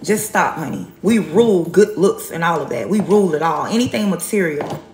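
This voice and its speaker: A woman's voice: fairly low pitch, normal speed, reverberant, background noise. A woman giving a live tarot reading, blunt and sassy, repeating herself for emphasis. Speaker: tarot reader on a livestream.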